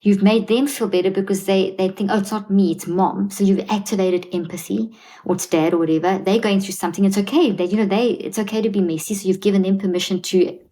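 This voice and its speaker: A woman's voice: medium pitch, steady tone, quick pace, dark tone. A woman with a South African accent explaining parenting advice earnestly, often restarting her sentences and acting out what a parent might say. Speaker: guest psychologist.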